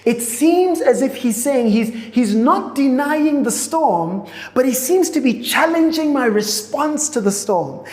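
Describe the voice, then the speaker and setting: Slow-preaching woman in an echoing hall. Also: fairly high pitch, lively intonation, darkish tone. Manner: slow, repetitive preaching with frequent restarts. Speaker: pastor. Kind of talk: sermon. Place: church auditorium. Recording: echoey hall with long reverb.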